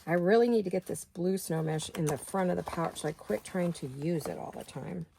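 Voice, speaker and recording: Gravelly-voiced woman chatting while crafting. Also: on the low side, fairly quick, mellow, slight background noise. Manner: chatty, thinking aloud while working. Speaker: craft video host. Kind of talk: casual craft-along chat.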